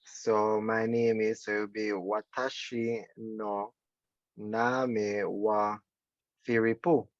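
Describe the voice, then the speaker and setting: Man, student, very slow halting speech, dry dull call audio. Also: fairly low pitch, little pitch movement, dry recording. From Jamaica. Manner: hesitant, halting repetition. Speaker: language student. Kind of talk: one-on-one language lesson.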